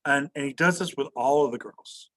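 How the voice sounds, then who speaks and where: A man's voice: medium pitch, normal speed, a bit bright. A male history teacher lecturing an online class over a video call. He keeps quizzing students and tags his statements with "right?". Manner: asks students questions, tags "right?" often.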